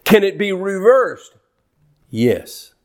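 A male preacher, delivering a lively sermon and mimicking complainers in whiny voices. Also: high-pitched, slow. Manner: animated, mocks worriers in whiny put-on voices.

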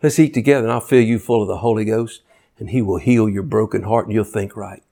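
A man preaching a sermon in a folksy way, building to high, excited shouts. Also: fast talker, vocal fry.

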